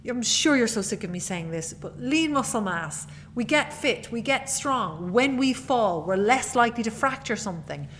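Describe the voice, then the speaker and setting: A woman's voice: on the high side, fairly bright tone, a little hiss or hum. A young woman hosting a podcast, talking casually and acting out her own inner voice with self-deprecating humor. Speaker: podcast host. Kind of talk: casual motivational monologue.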